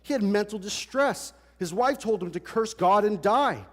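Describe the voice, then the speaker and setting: Animated male pastor in a reverberant hall. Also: high voice, normal speed. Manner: animated, conversational, rhetorical questions. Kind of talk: sermon. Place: large church hall. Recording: long church hall reverb.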